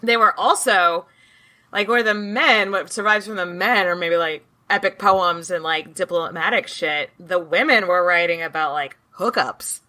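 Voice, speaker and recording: A woman co-host chats about history in a casual, playful way and swears freely. Her voice sits low for a woman but sounds bright. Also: moderate pace, a little hiss or hum. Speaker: podcast co-host.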